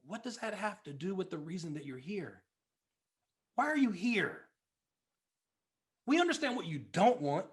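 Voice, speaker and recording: A man giving a motivational sales training talk, animated, calm one moment and shouting the next as he acts out panicked inner voices. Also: high voice, unhurried, pauses often. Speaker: motivational speaker.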